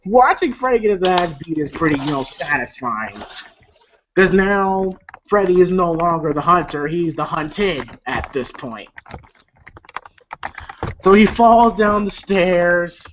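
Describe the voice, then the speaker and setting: A man's voice: high-pitched, animated, a little slow. A man recapping a film in a loose, rambling way, with lots of fillers, swearing and chuckles. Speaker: movie reviewer. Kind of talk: casual movie recap. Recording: lo-fi with faint noise.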